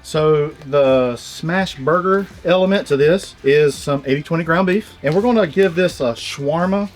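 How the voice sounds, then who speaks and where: A man's voice: a little high, moderate pace. A man with a Southern US accent hosting a griddle cooking show, joking in a folksy way. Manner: folksy, joking, drawling sayings. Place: outdoor griddle cooking set.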